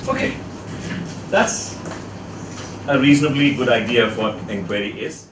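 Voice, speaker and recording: A man with a medium-pitched voice teaches a class at a moderate pace, asking students questions and guiding them through a word exercise. It's a classroom lecture, recorded from a distance in an echoey room with background noise.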